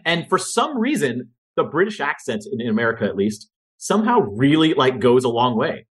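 A man talking as a guest in a casual podcast conversation, energetic, casual and profane. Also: mid-range voice, normal speed, slightly rough.

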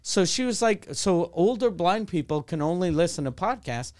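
A man's voice: high voice, animated, moderate pace, darkish tone. A man co-hosting a podcast in casual chat, telling rambling stories and swearing a lot. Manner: rambling storytelling, heavy swearing. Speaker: podcast co-host. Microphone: studio mic.

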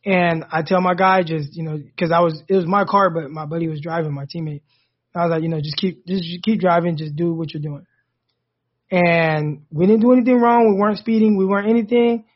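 A man in his thirties, co-hosting a podcast and telling a personal story in a casual, animated way that rises sharply when he gets indignant. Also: on the high side, brisk. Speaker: podcast co-host. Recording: dull lo-fi sound.

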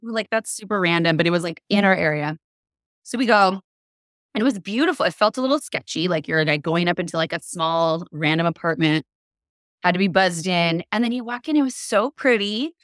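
A woman in casual conversation, telling a lively story with lots of "like" and acted-out quotes. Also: medium pitch, moderate pace, dry recording, studio quality. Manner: animated, acts out quoted voices, many "like" fillers. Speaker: podcast guest.

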